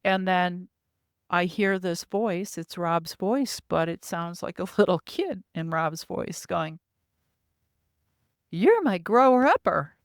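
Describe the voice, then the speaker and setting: A woman's voice: lowish voice, takes it slowly, smooth, no room sound, clean studio sound. A woman, a podcast guest, earnestly recounting her own experiences in vivid detail.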